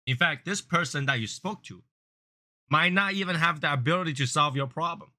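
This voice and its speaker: A man hosting a cigar review channel, talking casually and earnestly, rambling and repeating himself, sometimes raising his voice to act out angry callers. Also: brisk. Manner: grows louder and higher when acting out angry callers. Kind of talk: casual chat.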